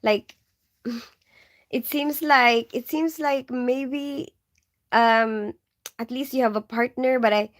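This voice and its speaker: A woman with a mixed Filipino and English accent chats casually to her livestream viewers. Her voice sits a little high, and she giggles often and leans on "like" and "you know" as she answers questions. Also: fairly even intonation, slow, long pauses. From Philippines. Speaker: nurse and livestream host.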